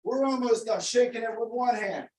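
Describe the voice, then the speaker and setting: A man's voice: extremely high pitch, moderate pace, reverberant, recorded from a distance, rough recording. A man leading a live online workout class as coach, upbeat and encouraging, calling out names and counting down reps. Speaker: fitness coach.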